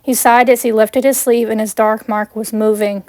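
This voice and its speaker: Woman reading her fanfic out loud, first person, earnest, kinda high voice, dry sound. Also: steady tone, moderate pace, hardly any pauses, dry recording. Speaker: fan fiction reader.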